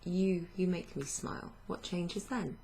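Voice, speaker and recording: A woman's voice: fairly low pitch, unhurried, mellow, a little hiss or hum. A woman teaching a French lesson, explaining patiently with fillers and self-corrections. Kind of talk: online language lesson.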